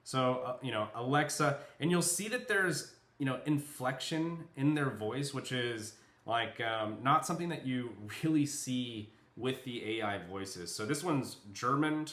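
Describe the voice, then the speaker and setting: A man presents a software product in a casual, unscripted walkthrough, full of fillers as he thinks aloud. His voice is bright and forward. It is recorded in an echoey room. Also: medium pitch, measured pace, hardly any pauses. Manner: loose and chatty, many fillers, thinks aloud.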